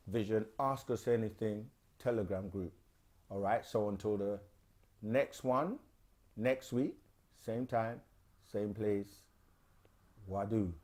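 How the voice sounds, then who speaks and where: A man hosting a live question-and-answer stream, explaining things in a loose, unhurried way with plenty of fillers. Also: on the low side, dark tone. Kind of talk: casual explanatory talk.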